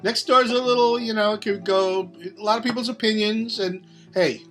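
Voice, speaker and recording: A man's voice: high voice, fairly even intonation, brisk, fairly bright tone, faint music behind. A man hosting a local show, talking in a rambling, laid-back way with casual asides. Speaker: host. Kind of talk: casual interview and sign-off.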